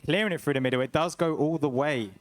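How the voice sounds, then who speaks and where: A young man co-commentating a live esports match with steady, analytical play-by-play. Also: fairly high pitch, fast.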